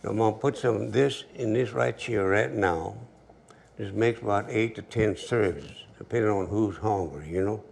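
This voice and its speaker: Give me an older man with a deep gravelly drawl, chatting through a cooking demo. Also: normal speed. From Louisiana. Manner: relaxed drawl, storytelling asides. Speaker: cooking show host. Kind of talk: folksy cooking demonstration.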